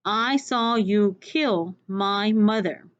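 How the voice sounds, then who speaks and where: A woman's voice: mid-range voice, very slow. Woman voicing a big pleading teen boy, storybook read-aloud, dull lo-fi sound. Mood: quiet defiance. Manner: pleading, rising to shouts. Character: big, slow teenage boy, desperate and pleading.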